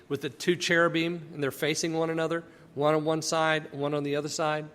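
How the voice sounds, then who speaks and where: A man's voice: fairly high pitch, a bit bright, in a large hall. A man teaching a Bible passage in a folksy, conversational and emphatic way.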